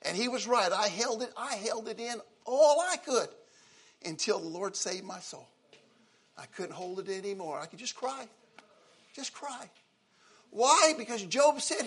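A man's voice: high voice, expressive, unhurried, slightly rough. Older man preaching a sermon. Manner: emotional, swings from loud exclaiming to soft near-whispers. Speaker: pastor.

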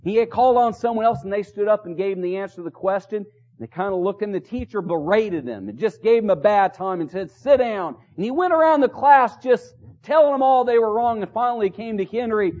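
High-voiced preacher exhorting in a chapel. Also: male voice, lively intonation, fast talker, hardly any pauses, darkish tone. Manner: earnest, exhorting with rhetorical questions and repetition. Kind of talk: sermon. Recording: dull lo-fi recording.

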